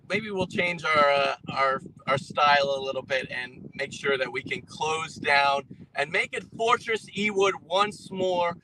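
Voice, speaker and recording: A man's voice: sits high, sharp tone, a little hiss or hum, rough recording. A man, an enthusiastic football fan calling in live while driving, rambling hopefully about his team's chances. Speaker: guest fan. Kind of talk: live call-in chat. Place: in a moving vehicle.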